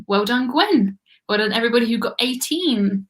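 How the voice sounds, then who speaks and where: A woman's voice: fairly high pitch, expressive, moderate pace. An English woman hosting a live trivia stream, chatting casually and laughing often as she reads viewer comments.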